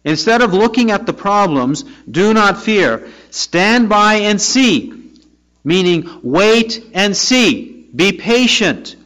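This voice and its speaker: A man's voice: high voice, very animated, slow pace, fairly bright tone. A man preaching a sermon verse by verse, reading scripture aloud and then pressing his listeners with rhetorical questions. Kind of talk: expository sermon. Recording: dull lo-fi recording.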